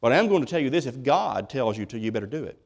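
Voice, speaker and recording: A man's voice: medium pitch, sing-song, rapid-fire, gravelly. A man preaching a sermon as pastor, folksy and emphatic, often restarting his words. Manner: folksy, emphatic preaching with many repeated starts. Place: church.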